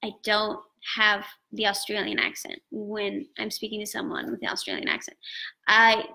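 Bright-voiced woman guest thinking aloud. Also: mid-range voice, fairly even intonation, creaky, rough recording. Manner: quick, earnest, thinks aloud. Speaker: guest speaker. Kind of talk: live-stream conversation.

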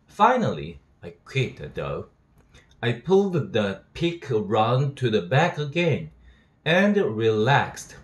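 A man's voice: mid-range voice, big pitch swings, slow. A man, an English teacher reading a novel aloud steadily and voicing its dialogue. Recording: roomy echo.

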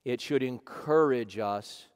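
A man from Ohio, a pastor preaching a sermon emphatically, often saying "listen" and swinging between loud and soft. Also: medium pitch, slow pace, clear, resonant tone, in a large hall. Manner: emphatic preaching, repeating "listen", rising and dropping volume. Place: church sanctuary.

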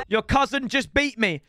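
A young man streaming a football video game, chatting to the lads in cheeky banter and breaking into loud outbursts. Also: high-pitched. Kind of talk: gaming stream commentary. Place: home room with builders' noise outside. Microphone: headset.

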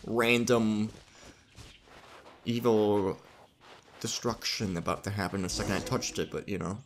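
A man's voice: on the low side, fairly even intonation, measured pace, slight background noise. A man giving casual, joking commentary while playing a story game, reacting and laughing along.

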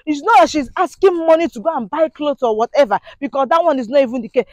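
A woman's voice: high-pitched, fast, a little mellow, no echo. A woman giving an indignant, preachy monologue to her viewers, full of rhetorical questions. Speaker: vlogger. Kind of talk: impassioned monologue to camera.

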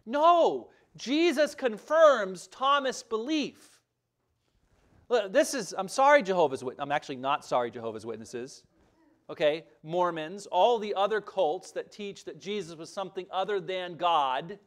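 Animated, high-voiced male pastor preaching. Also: measured pace. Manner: emphatic, conversational preaching with frequent asides. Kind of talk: sermon.

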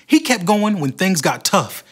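Brief: male storyteller for a kids' church show, slightly high voice, lively pitch. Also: measured pace, breathy edge. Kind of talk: scripted Bible story narration for kids.

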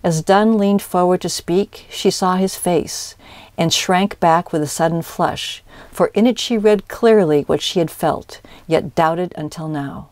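Low-voiced woman reading a story aloud. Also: a little slow, a little mellow, dry recording. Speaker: audiobook reader. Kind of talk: scripted narration.

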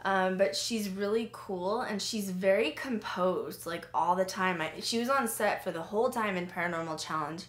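Hosting a paranormal podcast, a woman in her twenties chats casually while reviewing a show. Her medium-pitched voice moves at a moderate pace with few pauses and a reverberant sound, and her animated storytelling is packed with fillers.

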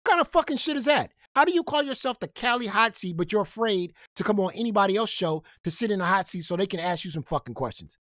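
A man's voice: sits high, lively intonation, quick pace, hardly any pauses, fairly bright tone, no room sound, studio quality. A man hosting a gaming commentary channel, ranting in a profane, confrontational way and repeating himself when heated.

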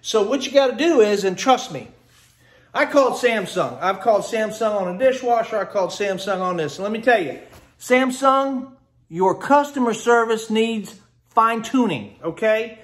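A talkative man with a notably high voice gives a chatty, grumbling home how-to walkthrough. He holds his phone camera as he talks. The sound rings around a hard, echoey kitchen. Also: animated, normal speed. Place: indoors by a kitchen refrigerator. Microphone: handheld phone camera. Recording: echoey room.

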